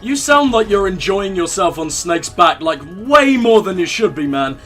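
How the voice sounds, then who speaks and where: A young let's-play gamer with a high, somewhat bright voice comments on his gameplay at a moderate pace, very animated as he jokes irreverently and talks back to the on-screen characters. Soft music plays underneath.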